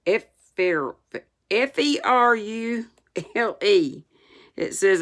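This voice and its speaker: Older woman, slow unhurried reading, gravelly fry, low voice, chatty asides. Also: animated, a bit bright. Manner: homespun, chatty asides between passages. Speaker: storyteller. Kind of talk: reading a classic novel aloud with asides.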